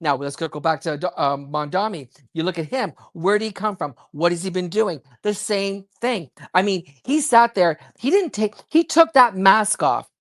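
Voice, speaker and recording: A woman giving heated, rapid political commentary, worked up and emphatic, with frequent restarts. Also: mid-range voice, expressive. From child of immigrants.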